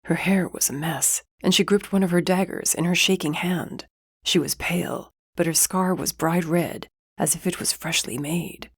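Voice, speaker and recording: A woman reading first-person fantasy audiobook narration in a steady, measured way, recorded very dry and close. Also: on the low side, husky, no echo.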